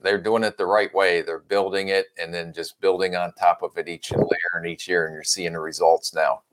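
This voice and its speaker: A man's voice: sits low, level tone, moderate pace, background noise. A man co-hosting a football podcast, pressing his partner with teasing, pointed questions and plenty of fillers. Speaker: football analyst co-host. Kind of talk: casual sports podcast chat.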